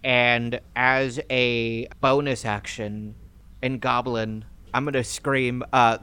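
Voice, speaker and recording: A man's voice: medium pitch, level tone, slow, bright, forceful tone, smooth. A man playing a character in a tabletop game, laid-back and hesitant with many fillers. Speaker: player. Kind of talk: casual tabletop play.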